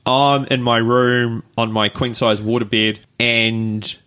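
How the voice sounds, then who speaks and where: A man's voice: medium pitch, level tone, takes it slowly, pushed and bright, clear, resonant tone. A man co-hosting a podcast, telling a rambling story in casual chat with plenty of fillers and laughs. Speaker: podcast co-host.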